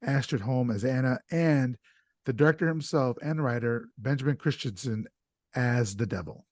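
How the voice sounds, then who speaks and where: A man's voice: mid-range voice, moderate pace, darkish tone, no echo. Man, podcast host, casual chat, stumbles over names, dry close mic. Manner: chatty, stumbles over names, laughs easily.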